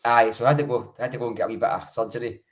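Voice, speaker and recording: A man's voice: mid-range voice, fairly even intonation, racing. A Scottish man in his late thirties, a podcast co-host telling rambling, self-mocking, sweary stories in casual chat. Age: 30s.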